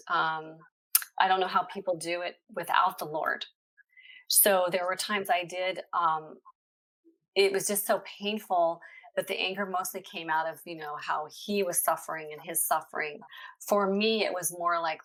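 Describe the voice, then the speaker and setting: A woman's voice: lowish voice, a bit bright. A middle-aged woman speaking as a podcast guest, sharing a heartfelt faith testimony in an earnest, conversational way with frequent hesitations.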